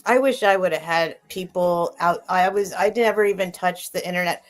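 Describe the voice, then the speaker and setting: Lower-voiced middle-aged woman rambling on her live sale stream, talks to chat. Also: normal speed, faint music behind. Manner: rambling, restarts and trails off, reads and answers chat. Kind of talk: casual chat on a livestream.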